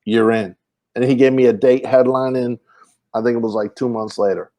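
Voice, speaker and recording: Animated man telling stories. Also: mid-range voice, normal speed. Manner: animated storyteller, acts out quotes, many fillers and restarts. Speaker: comedian telling road stories. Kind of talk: casual podcast chat.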